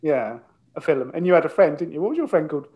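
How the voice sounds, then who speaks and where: A man's voice: on the high side, expressive, quick pace, dull audio. A man co-hosting a casual chat, easygoing and asking short questions with lots of tag questions. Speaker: podcast co-host.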